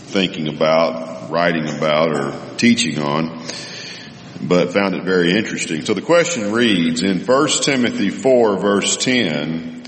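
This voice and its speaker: Man, low voice, Bible teacher, explaining with pauses, roomy hall with long reverb. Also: a bit bright. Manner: thoughtful, explanatory, with many pauses and fillers. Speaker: preacher answering Bible questions. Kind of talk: Bible lesson.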